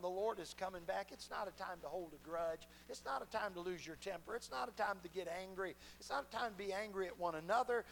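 High-voiced folksy preacher. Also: male voice, gravelly, rough recording. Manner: folksy storyteller, emphatic, swings loud and soft. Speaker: pastor. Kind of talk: sermon with folksy stories. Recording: faint hum behind.

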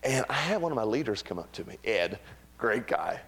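A middle-aged man preaching a sermon, animated and humorous, with acted-out quotes. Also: lowish voice, a little fast, gravelly. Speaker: pastor.

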